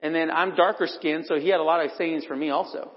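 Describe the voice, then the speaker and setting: A man's voice: fairly high pitch, steady tone, fast. A middle-aged man preaching a sermon, telling personal stories in a conversational way and acting out what people said. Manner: conversational storytelling, acts out quotes. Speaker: pastor. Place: church hall. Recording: dull recording in a reverberant hall.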